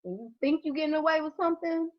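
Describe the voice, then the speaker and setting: A woman and mother telling a story from her youth in a casual podcast chat, animated, laughing often and swearing freely. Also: sits high, fast, highs cut off.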